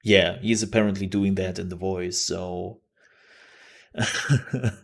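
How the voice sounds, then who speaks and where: A man's voice: low-pitched, steady tone, slow, vocal fry. A man streaming live, chatting casually and joking often.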